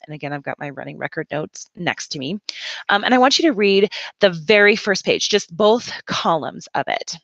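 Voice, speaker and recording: A woman reading teacher explaining a lesson plan step by step in a relaxed, conversational way. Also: medium pitch, normal speed, no room sound, dull audio. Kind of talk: instructional walkthrough.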